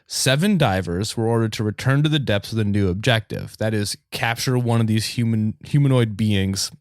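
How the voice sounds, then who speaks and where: A man from the United States hosting a comedy podcast, telling a story in a loose, animated way. He laughs often and swears casually. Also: lowish voice, moderate pace, no echo, studio quality. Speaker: podcast host.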